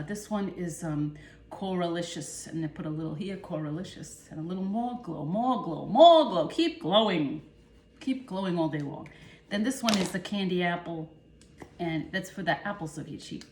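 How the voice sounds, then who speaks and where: A woman's voice: medium pitch, darkish tone, a little hiss or hum, lightly acted. A woman playing a brassy, chatty Italian-American cooking show host with a New Jersey accent, rambling from one tangent to the next. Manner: rambling, jumps between tangents, brash. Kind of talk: comic character monologue. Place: home kitchen. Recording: echoey home kitchen.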